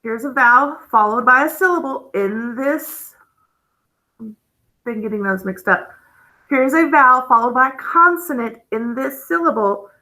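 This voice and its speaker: Bright-voiced woman teaching phonics slowly. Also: sits high, animated, rough recording. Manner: slow, patient, gently enthusiastic explaining. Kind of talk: phonics lesson.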